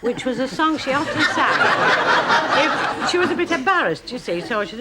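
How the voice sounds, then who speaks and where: A woman's voice: sits high, normal speed, very noisy. An older woman telling a family anecdote, acting out the voices and laughing as she goes. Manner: lively, acts out voices, laughs while telling. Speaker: guest storyteller. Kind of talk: anecdote telling on a chat show.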